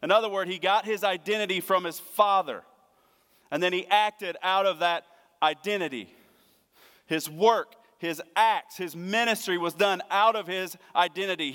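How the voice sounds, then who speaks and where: A middle-aged man preaching a sermon as pastor, earnest, moving between hushed tender lines and emphatic raised passages. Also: high-pitched, moderate pace, smooth. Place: church sanctuary. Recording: long hall reverb.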